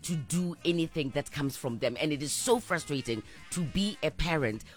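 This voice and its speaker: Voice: medium pitch, expressive, moderate pace, soft background music. A radio co-host, chatting expressively on a morning show from a studio. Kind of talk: casual breakfast radio chat.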